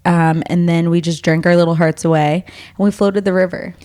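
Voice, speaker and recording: A woman's voice: on the low side, fairly even intonation, moderate pace, mellow. A woman from Texas with a Texan accent, co-hosting a podcast in casual, teasing chat. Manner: chatty, teasing, laughs often. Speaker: podcast co-host.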